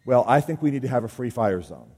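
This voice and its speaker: A man addresses a room of men in a casual, joking way, slipping into the voices of people he quotes. His voice sits at an ordinary pitch. The sound rings with the long reverb of a large hall. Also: animated, fast, dark tone, slightly rough. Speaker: speaker at a men's gathering. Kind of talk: talk to a men's group.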